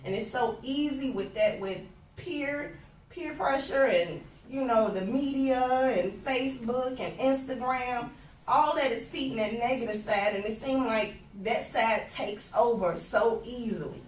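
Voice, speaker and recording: A woman's voice: a little high, unhurried. Woman, circle participant, earnest and explanatory; distant mic, roomy echo. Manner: reflective, explaining, with frequent "like" and "you know". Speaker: participant in a restorative conversation circle. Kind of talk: earnest group discussion. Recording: echoey room, distant mic, faint background noise.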